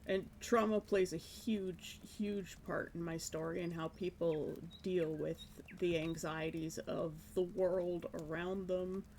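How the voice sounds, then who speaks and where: Relaxed woman chatting while she draws. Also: on the low side, takes it slowly, few pauses, slight background noise. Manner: musing, self-deprecating, breaks into light laughs. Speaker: streamer. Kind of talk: casual chat while drawing on a live stream.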